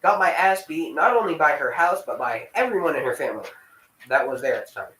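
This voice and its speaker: A man's voice: a little high, animated, brisk, fairly bright tone, recorded from a distance. A young man telling a rambling personal story in casual vlog style, swearing freely and breaking off to scold his dog. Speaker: vlogger. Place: room at home with dogs. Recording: echoey room.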